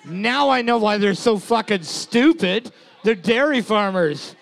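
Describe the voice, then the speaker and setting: A man's voice: sits high, expressive, measured pace, vocal fry, some chatter behind. A man co-hosting a bar trivia night, reading out scores and teasing his partner with crude jokes. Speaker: trivia co-host.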